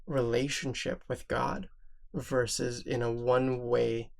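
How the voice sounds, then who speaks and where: A man co-hosting a spiritual podcast, speaking in a searching, deliberate way. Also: mid-range voice, little pitch movement, creaky. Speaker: podcast co-host. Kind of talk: reflective spiritual podcast talk.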